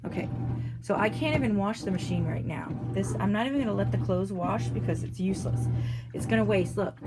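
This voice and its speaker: A woman in her fifties giving a blunt, opinionated home review of an appliance, talking as she demonstrates it, recorded on an iPad in her laundry area. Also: mid-range voice. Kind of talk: casual product review demonstration. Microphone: iPad on a stand.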